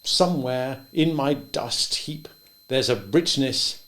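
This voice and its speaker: A man voicing a wry, stubborn old male farmer who speaks gently and thoughtfully, a bit louder than his narration. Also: medium pitch, slow, pitched above the performer's own voice. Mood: wistful.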